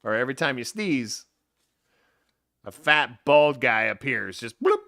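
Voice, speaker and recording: A man co-hosting a podcast, talking in an animated, playful, joking way. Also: medium pitch, unhurried, gravelly, no echo, studio quality. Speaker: podcast co-host. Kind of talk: casual joking chat.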